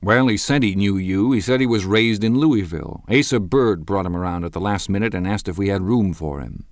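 Guy doing a drawly gossipy young woman, lowish voice, dry close sound. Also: fairly quick, dry recording. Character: cool, languid young woman, wry and gossipy.

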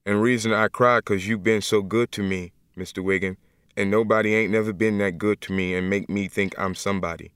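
A man reading an audiobook as a humble, gentle young man in jail, speaking slowly and earnestly in plain dialect. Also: lowish voice, fairly even intonation, clear, resonant tone, no room sound, studio quality, natural voice. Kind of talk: audiobook first-person reading.

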